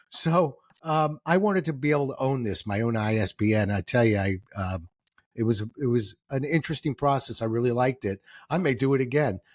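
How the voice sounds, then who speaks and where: A middle-aged man, guest on an interview, telling stories in a lively way, acting out quoted voices and getting emotional. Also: medium pitch, dry recording, clean studio sound. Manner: animated, acts out quoted voices, gets emotional. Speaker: guest, author and speaker. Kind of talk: storytelling interview answers.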